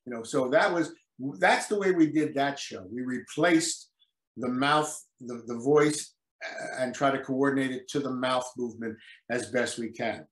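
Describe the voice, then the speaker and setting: A man's voice: medium pitch, moderate pace. Older guy telling stories from his acting days, does little bits of dialogue, roomy echo. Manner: animated storyteller, acts out quotes. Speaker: guest actor. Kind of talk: casual interview. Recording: echoey room.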